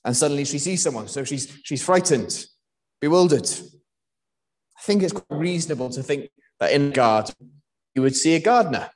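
A man's voice: a little high, animated, moderate pace. A young man from Wales preaching a sermon in a conversational way, with frequent fillers and restarts.

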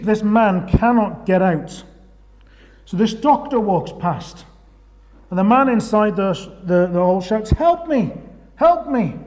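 A man preaching a sermon, swinging from loud urgent questions to hushed, slow phrases. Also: high-pitched.

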